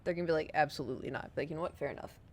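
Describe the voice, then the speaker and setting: A young adult woman streamer telling a story in casual chat with her viewers, animated and giggly, swearing casually. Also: low-pitched, rapid-fire, a little hiss or hum.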